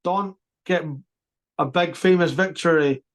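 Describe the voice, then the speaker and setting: A man co-hosting a podcast, chatting about sport in an animated, emphatic way with quick restarts. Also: high-pitched. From Scotland. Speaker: podcast co-host. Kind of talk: casual sports chat.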